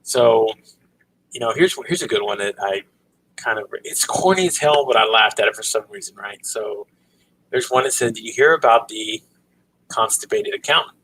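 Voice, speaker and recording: A middle-aged man hosting a casual livestream, telling a family story and reading jokes in a relaxed way, with lots of ums and "right?". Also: lowish voice, normal speed, slight background noise, low-quality recording. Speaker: livestream host.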